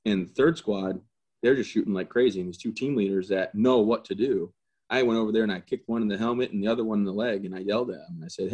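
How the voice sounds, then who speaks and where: A man's voice: lowish voice, quick pace, breathy edge. A man, an army veteran, telling stories casually as an interview guest, joking and acting out quotes. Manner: animated, jokey, acts out quotes and gun sounds. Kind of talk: casual storytelling.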